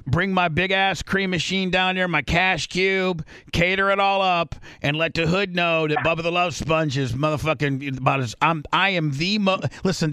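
A man's voice: on the high side, pushed and bright, clear, resonant tone, no room sound, studio quality. A man hosting a radio show, talking in crude, rambling, profane banter and cutting in on his guests. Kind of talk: read ad disclaimer.

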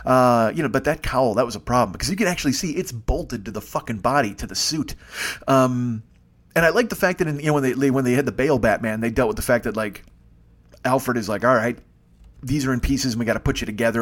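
Dude rambling fast on his comedy podcast, swears a lot, keeps going off on tangents, laughs at himself. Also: medium pitch. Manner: profane, digressive, self-mocking. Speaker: podcast host.

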